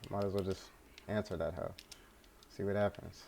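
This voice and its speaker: A man's voice: deep voice, fairly even intonation, normal speed, gravelly, a little mellow, slight background noise. A young man casually telling a story from his life, rambling, laid-back and full of swearing, recorded at home.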